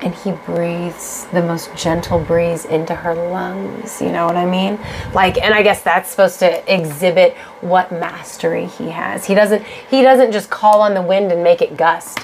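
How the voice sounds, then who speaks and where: A young woman co-hosting a casual podcast chat, gushing excitedly and swearing freely as she talks. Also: fairly low pitch, a little slow, vocal fry, a little hiss or hum. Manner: excitable, swears a lot, gushes and shouts when worked up. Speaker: podcast co-host.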